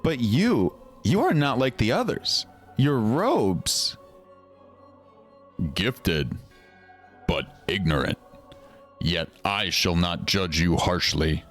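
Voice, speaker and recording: A man putting on a solemn low villain voice. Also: sing-song, a bit bright, faint music behind, heavily acted. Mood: ominous. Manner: low, slow, solemn delivery, self-admittedly weak villain voice. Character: ominous masked male villain emissary.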